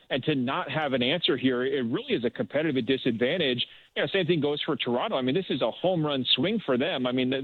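A man's voice: medium pitch, dry recording. A man, a sports writer, answering questions on a radio show in a hesitant way, with many fillers and restarts. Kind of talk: phone-in radio interview. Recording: tinny phone line.

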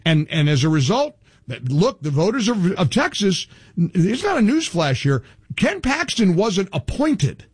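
Middle-aged radio guy going off, high lively voice, kinda husky, dry close mic. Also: measured pace, no room sound. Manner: emphatic, animated, frequent restarts. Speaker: radio talk show host. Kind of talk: political talk radio banter.

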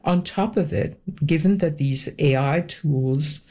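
A woman, an academic guest, answering an interview in a thoughtful, measured way. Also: sits low, mellow.

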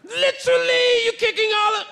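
A man putting on a shrill, scolding British guard. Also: flat delivery, moderate pace, creaky, pushed and bright, a little hiss or hum, heavily acted. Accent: British (put on). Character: angry British male subway security guard.

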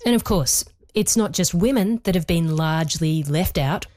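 A woman's voice: lowish voice, moderate pace, darkish tone, no echo. A woman with an Australian accent hosting a produced radio feature, wry and playful with jokey asides. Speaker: host. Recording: music bed underneath.

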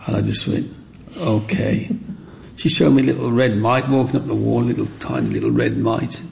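A man tells stories from his boyhood. His voice is gravelly and creaky at a middling pitch, and he bursts into the excited voices of children when he quotes them. A faint noise runs underneath the recording. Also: normal speed. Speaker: interviewee. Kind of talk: reminiscing storytelling.

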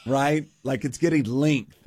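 A man's voice: medium pitch, measured pace, a little mellow, breathy edge, no echo. Playful man co-hosting a radio show. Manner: playful, counts down a list. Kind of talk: casual radio banter.

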